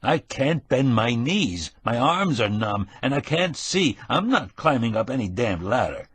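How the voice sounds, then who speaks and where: A gruff, irritable middle-aged man snaps and grumbles indignantly, voiced by a man reading an audiobook. The voice is husky and recorded close and dry. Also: mid-range voice, sing-song, unhurried, a bit bright, dry recording, heavily acted. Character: grumpy middle-aged man forced to play Santa.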